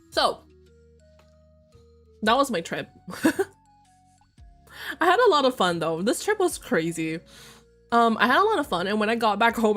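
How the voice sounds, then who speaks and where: Chatty young woman streamer, faint music. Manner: chatty and candid, swearing freely with excited shrill outbursts. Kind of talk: casual chat.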